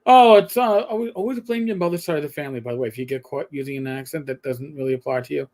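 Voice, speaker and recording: Older new guy, kinda high voice, rambles and jumps around telling stories. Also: fast talker. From New York. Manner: rambling, animated storytelling with restarts. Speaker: co-host. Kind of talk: casual chat.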